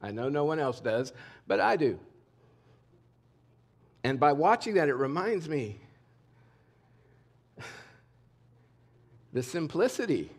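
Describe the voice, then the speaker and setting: A middle-aged male pastor preaching a sermon in a candid, conversational way, swinging between emphatic and hushed lines. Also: fairly high pitch, very animated, slow pace, pauses often. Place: church sanctuary.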